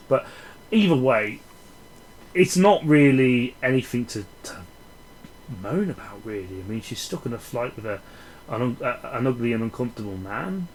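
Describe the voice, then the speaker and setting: Englishman reviewing films, profane and sardonic, rambling delivery, average pitch. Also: animated, moderate pace, a little hiss or hum, low-quality recording. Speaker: film reviewer. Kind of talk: casual ranting film review.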